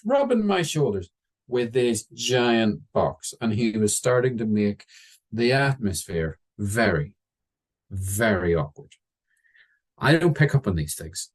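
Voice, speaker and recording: A man telling a story in a wry, chatty way, slowing down for the dramatic bits. His voice is low and a bit husky, and it rises and falls a lot. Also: a little mellow. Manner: wry, conversational, with dramatic slowdowns. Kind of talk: oral storytelling.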